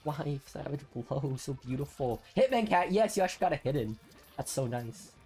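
A young man talks his way through a tricky game stage, swinging between muttered notes and high, loud outbursts. He repeats words in quick strings when things get tense. Faint game music plays under his voice. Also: lively intonation, husky. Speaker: gameplay streamer. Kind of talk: excited gameplay commentary.

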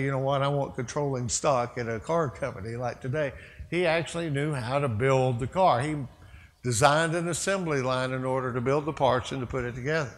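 A man's voice: mid-range voice, fairly bright tone. A man preaching a sermon as a pastor, telling a story in a loose conversational way with asides. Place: church sanctuary. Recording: long church reverb.

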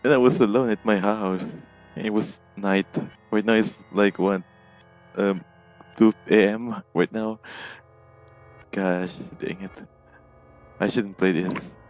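A man's voice: fairly low pitch, steady tone, takes it slowly, a little mellow, soft background music. A man giving casual, jumpy commentary while playing a game alone at home, recorded on a headset microphone. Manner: jumpy, nervous, frequent startled exclamations. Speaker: gameplay commentator.

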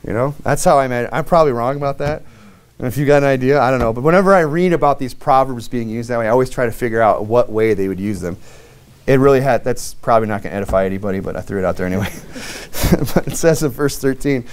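A young American man preaching a sermon, talking to his congregation like it's a conversation. He rambles a bit, restarts his sentences and fills the gaps with "you know," and his voice sits at an everyday middle pitch. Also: quick pace, clear, resonant tone. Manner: conversational, folksy preaching with frequent fillers and restarts. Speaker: pastor.

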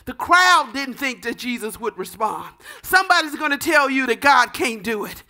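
Woman pastor, sermon, high pitch, fervent, shouting at peaks. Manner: fervent, rising to shouts on repeated calls; softer, measured teaching tone.

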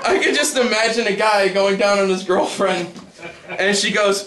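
A young man doing a stand-up set for a live crowd, halting with many ums and uhs and breaking into high put-on voices. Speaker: stand-up comedian. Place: comedy stage with a live audience.

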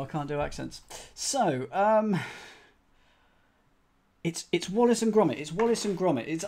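Slow, musing man solving clues. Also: fairly high pitch, darkish tone. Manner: musing, spells out letters, talks to chat. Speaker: crossword streamer. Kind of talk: thinking aloud while solving live.

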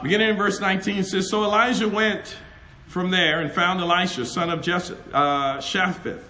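A middle-aged man's voice sits high as he preaches at a conference in a conference hall, speaking at normal speed. His personal anecdotes come out animated and full of laughter, with acted-out dialogue.

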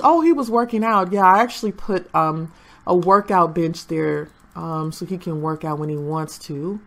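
A young woman chatting through her gameplay and talking to the game characters. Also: lowish voice. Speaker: gaming channel host. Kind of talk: casual gameplay commentary.

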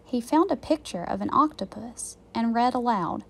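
A woman teacher reading a children's chapter book aloud in a slow, clear and expressive way. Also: mid-range voice.

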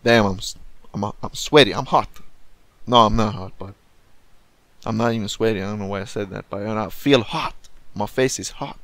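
A man's voice: lowish voice, moderate pace, fairly bright tone, dry recording. Cursing, self-scolding gamer man. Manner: profane, self-critical, rambling. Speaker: gaming commentator. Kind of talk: casual let's play commentary.

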